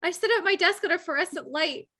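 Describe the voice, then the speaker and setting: A young woman, a podcast guest, telling work stories in casual chat, animated and swearing freely. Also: extremely high pitch, quick pace, a little hiss or hum.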